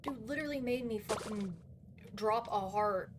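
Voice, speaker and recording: A woman streaming a game live, talking loudly and exasperated, swearing a lot and laughing between outbursts. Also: medium pitch, moderate pace, a little hiss or hum. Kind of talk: live gameplay commentary.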